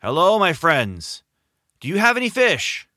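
A man voicing Jesus, a kindly adult man who calls out and speaks calmly in a children's Bible story. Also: fairly low pitch, moderate pace, no room sound, studio quality, exaggerated voice. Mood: calling. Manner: calling out loudly from afar, then calm. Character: Jesus, adult man, calm and warm-hearted.

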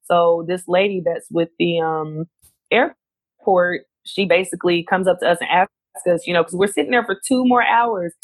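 A woman telling a story in casual chat, animated and quick, acting out what other people said. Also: fairly low pitch, no echo.

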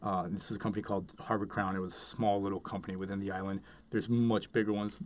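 A man with a fairly low voice tells a long story as a podcast guest, wandering through it with lots of "uh" and "like" and frequent restarts. The recording is dull and lo-fi, with the highs rolled off. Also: level tone, fast. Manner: rambling, heavy with fillers and restarts. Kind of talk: casual storytelling.

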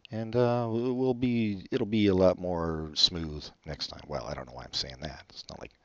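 Deep-voiced male podcast host, rambling and self-deprecating, on a dry, slightly muffled mic. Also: normal speed, fairly bright tone, dry recording. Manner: mumbling, self-deprecating, trails off. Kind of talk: rambling solo podcast chat.

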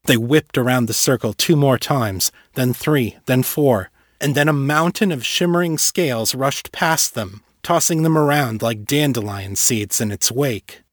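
A man reading a fantasy story aloud in a steady, measured narration. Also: medium pitch, dry recording, studio quality. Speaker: audiobook narrator.

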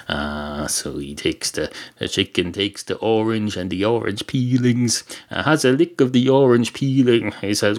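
A slightly hoarse man, a podcast host, narrating a comic story in a dry, offhand way. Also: low-pitched, normal speed. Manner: dry, offhand, hesitant with fillers.

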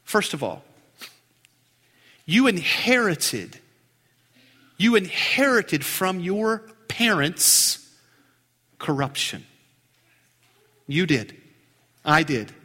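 Slow, high-voiced preacher in a reverberant hall. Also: male voice, slightly rough. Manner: emphatic, drawn-out phrases with sudden drops to a hush. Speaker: pastor. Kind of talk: sermon. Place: church sanctuary.

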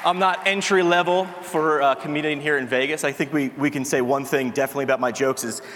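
A man's voice: fairly high pitch, steady tone, fast talker, fairly bright tone. Playful man on a hall stage. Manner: playful, self-deprecating. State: out of breath. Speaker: host. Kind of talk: live stage comedy bit. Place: large conference hall. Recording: echoey hall with faint noise.

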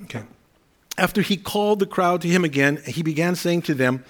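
A man's voice: sits high, fairly quick. A man preaching an earnest, conversational sermon, explaining scripture and Greek words. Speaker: pastor.

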